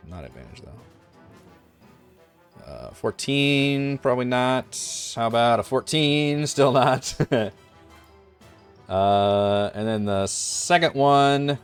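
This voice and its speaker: A man's voice: mid-range voice, very animated, slow, pauses often, smooth, soft background music. A man running an online tabletop game as game master, talking casually and thinking aloud with many fillers.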